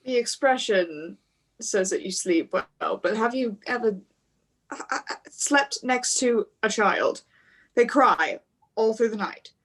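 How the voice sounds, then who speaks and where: A woman's voice: on the high side, expressive, slow, fairly bright tone, heavily acted. A woman playing a dry, mothering adult female adventurer in a tabletop role-play game. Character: hearty adult woman adventurer who drinks ale.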